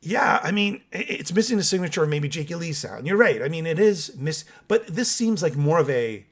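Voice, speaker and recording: A fairly high-pitched man with lively intonation talks fairly quickly as he hosts a metal music channel's casual solo podcast. Still waking up over his coffee, he reacts and reads comments, chatty and opinionated, speaking directly to his viewers.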